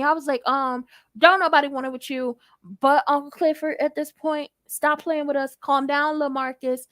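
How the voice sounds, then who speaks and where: A woman giving a casual TV episode recap, sassy and animated with playful asides. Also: high voice, normal speed, no room sound. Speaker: TV recap YouTuber.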